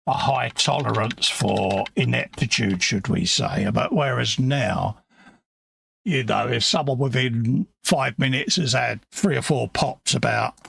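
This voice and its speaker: A man's voice: medium pitch, vocal fry, a bit bright, husky, dry recording. A man in his fifties with a strong British regional accent, chatting bluntly on a live stream and reading out viewer comments. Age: 50s. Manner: blunt, chatty, self-deprecating banter.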